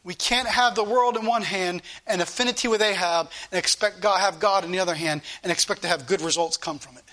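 A man's voice: high voice, fairly quick, sharp tone. A middle-aged man preaching a fervent sermon in a church, his delivery rising and falling with passion.

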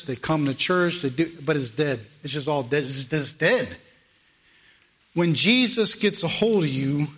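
A man's voice: a little high, fairly bright tone. A male preacher delivering a morning sermon, emphatic and repeating phrases for weight.

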